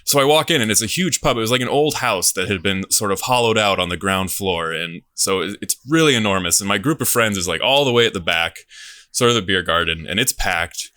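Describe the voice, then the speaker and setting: A fairly low-pitched man with a bright, forward tone tells a self-deprecating anecdote. He chuckles through his stories. The sound is close and dry. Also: animated, fairly quick, dry recording. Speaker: game show contestant. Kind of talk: casual storytelling.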